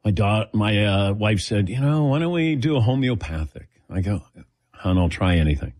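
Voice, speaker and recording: A man's voice: fairly low pitch, expressive, normal speed, a little mellow, no room sound, studio quality. A middle-aged man, a show host, telling a chatty personal story and acting out the voices of people he quotes. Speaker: host taking audience questions. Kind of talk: casual storytelling.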